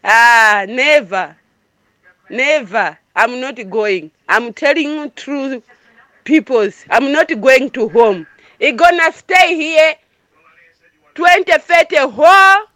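Woman from malawi calling in, broken english, high bright voice, keeps repeating herself. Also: takes it slowly, no echo. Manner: emphatic, repetitive, in broken English. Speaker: caller. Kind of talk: impassioned call-in speech.

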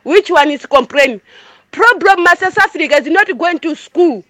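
A woman's voice: very high-pitched, expressive, normal speed, bright, forceful tone, dry recording. Emphatic woman caller from Malawi. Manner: emphatic, repetitive, in broken English. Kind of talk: impassioned call-in speech.

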